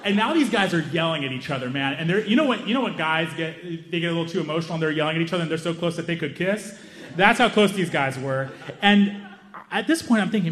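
Animated stand-up storyteller, man. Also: on the high side, in a large hall. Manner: animated, self-mocking, quick asides. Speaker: stand-up comedian.

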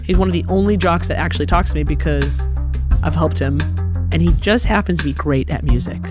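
A young woman from Alabama telling a funny personal story in an animated, conversational, self-deprecating way. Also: low-pitched, a little fast. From Alabama, USA. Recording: music playing underneath.

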